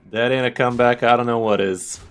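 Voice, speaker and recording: A man streaming a card game, giving excitable, trash-talking and profane casual gameplay commentary. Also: medium pitch, fast talker, smooth.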